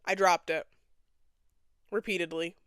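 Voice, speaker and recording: Young woman host, casual dramatic storyteller with sass, smooth voice, dry close sound. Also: lowish voice, steady tone, a little slow, fairly bright tone, no echo. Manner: dramatic, sassy, acts out other people's lines. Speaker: podcast host.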